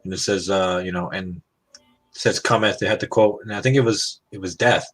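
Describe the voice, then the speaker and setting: A man's voice: low voice, steady tone, moderate pace, a bit bright. A man chatting casually while building, joking and rambling, a little self-conscious about what he says.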